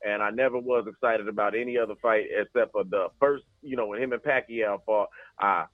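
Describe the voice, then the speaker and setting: A man's voice: lowish voice, steady tone, brisk, no echo. A man co-hosting a podcast, rambling through casual sports chat with restarts and fillers. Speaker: podcast co-host. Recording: tinny phone-like line.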